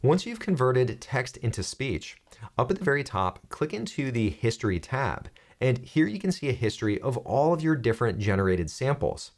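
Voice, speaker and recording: A young man hosting a software tutorial, explaining step by step in an upbeat, joking way. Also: mid-range voice, big pitch swings, moderate pace. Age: young adult. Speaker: tech tutorial host. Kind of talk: screen-recorded software tutorial.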